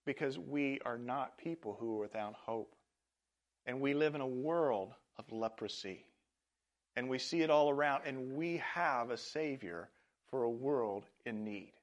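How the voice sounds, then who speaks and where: A man's voice: medium pitch, a little slow. Earnest man preaching a sermon. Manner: earnest, with frequent fillers and restarts. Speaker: pastor.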